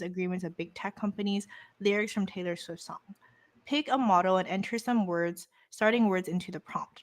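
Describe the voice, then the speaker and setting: Playful young woman teaching online. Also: medium pitch. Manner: playful, chatty, quick asides to chat. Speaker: host leading a live course walkthrough. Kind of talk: casual livestream lesson, reading course text aloud.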